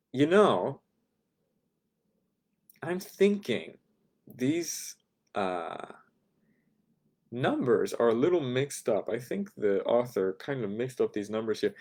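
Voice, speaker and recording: A man teaching a beginner language class, calmly repeating phrases for learners to follow. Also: mid-range voice.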